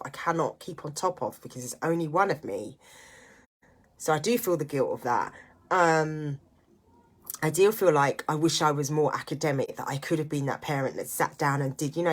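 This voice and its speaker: Low-voiced earnest woman vlogging. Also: slightly rough. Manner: earnest, reflective, motivational. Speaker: vlogger and single parent. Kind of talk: candid personal vlog monologue.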